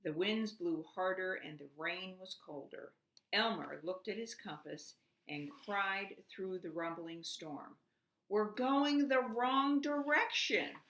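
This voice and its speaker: Slow, bright-voiced woman reading a story. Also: on the low side. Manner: slow and expressive. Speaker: preschool teacher. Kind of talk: reading a storybook aloud to children. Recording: echoey room.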